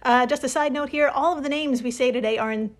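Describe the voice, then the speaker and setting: A woman's voice: high-pitched, quick pace. Playful laughing woman podcast co-host. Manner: playful, laughs often, presents the story. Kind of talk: casual chat.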